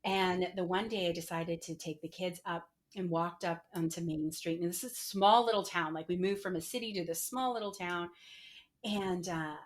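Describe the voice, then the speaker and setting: Brief: middle-aged woman guest, low-pitched voice, candid, filler-heavy storytelling. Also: moderate pace. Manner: frequent "like" fillers, emotional retelling. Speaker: podcast guest, entrepreneur.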